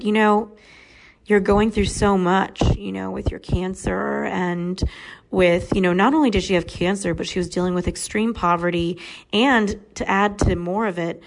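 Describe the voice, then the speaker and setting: A woman's voice: mid-range voice, creaky. A woman in her thirties telling a personal story in an earnest, reflective, motivational way. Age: 30s.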